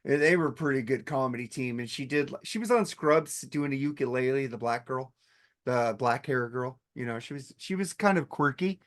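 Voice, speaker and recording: Retelling comedy sketches in casual podcast chat, a male co-host talks at medium pitch and a moderate pace. He's animated, swears freely, and acts out the voices from the sketches.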